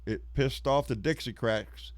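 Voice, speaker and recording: A man's voice: mid-range voice, measured pace, no room sound. A middle-aged man, hosting a live stream in casual, rambling, folksy chat and swearing freely. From Texas. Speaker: live show host.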